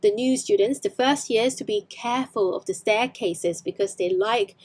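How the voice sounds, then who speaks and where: A woman's voice: mid-range voice, normal speed, darkish tone. A woman with a Hong Kong accent teaching English online, explaining film scenes with frequent fillers and self-corrections.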